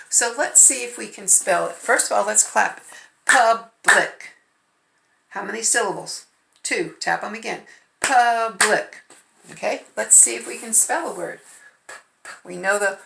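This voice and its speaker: In an echoey room at home, a woman teaches first graders phonics remotely, carefully sounding out letters and syllables. Her mid-range voice has vocal fry and a pushed, bright quality, with a faint hiss or hum in the background.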